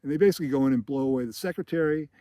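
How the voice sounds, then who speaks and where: A man hosting a podcast retells a film sequence as casual film commentary, loose and chatty, with plenty of fillers and little laughs. His voice is slightly high and mellow, he talks very fast, and there's no room sound.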